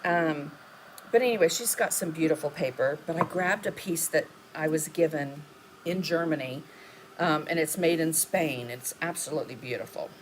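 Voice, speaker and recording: A woman's voice: low voice, normal speed, background noise. A woman hosting a live mixed media art demonstration, chatting and thinking aloud as she works and answering viewer comments. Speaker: mixed media artist and host.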